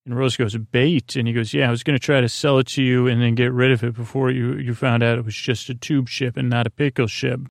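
A man's gravelly, creaky voice drifts through a bedtime retelling with almost no rise or fall. He meanders and stumbles over his words, restarting sentences and filling gaps with "uh". The sound is close and dry, with no room around it. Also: medium pitch, little pitch movement, dry recording. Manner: halting and meandering, many fillers and restarts. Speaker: podcast host. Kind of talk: rambling bedtime retelling of a TV episode.

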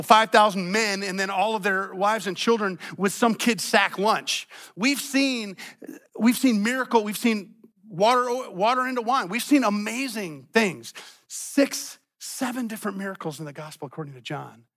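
High, bright-voiced male pastor preaching. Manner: emphatic, repeats phrases, swings between loud and quiet. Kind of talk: sermon.

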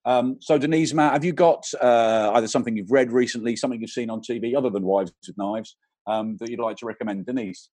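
English guy hosting a podcast, a bit husky, mid pitch, laughs a lot. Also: fast talker, a little mellow. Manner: chatty, laughing, asks the questions. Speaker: podcast host. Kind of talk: casual podcast interview.

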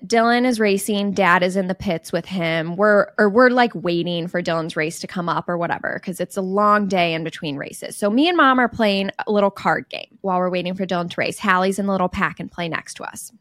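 A young woman co-hosting a podcast, telling a childhood story in an animated way and laughing often. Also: fairly low pitch, brisk, few pauses, no room sound, studio quality. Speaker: podcast co-host. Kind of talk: casual storytelling chat.

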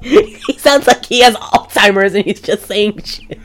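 A woman co-hosting a casual comedy recap, animated and sarcastic, swearing freely. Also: mid-range voice, measured pace. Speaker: podcast co-host recapping a film.

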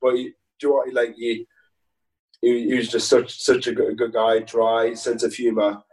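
A man's voice: mid-range voice, flat delivery, moderate pace, a little mellow, far from the mic, rough recording. A man talking as a footballer guest in a casual interview, rambling and laughing with many restarts.

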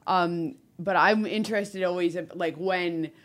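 A woman chatting casually, her voice on the low side. She thinks out loud, hesitating and circling back as she talks. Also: unhurried. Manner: thinks aloud with hesitant restarts. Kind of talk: casual chat.

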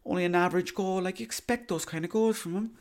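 A man's voice: sits high, steady tone, fast, pitched above the performer's own voice. A man putting on the voice of a male football pundit who dismisses everything as average. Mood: dismissive. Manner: dismissive, unimpressed. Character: high-pitched grumbling male football pundit.

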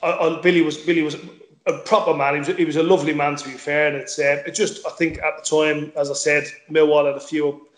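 Fast-talking man, echoey room. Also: fairly high pitch, little pitch movement. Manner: chatty, repeats words, swears casually. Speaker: former footballer, guest. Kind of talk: casual interview chat.

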